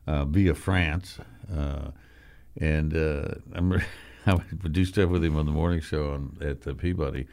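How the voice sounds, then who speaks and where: A man's voice: a bass voice, fairly even intonation, moderate pace, darkish tone. An older man hosting a radio talk show in the studio, chatting casually and telling folksy stories with jokey asides.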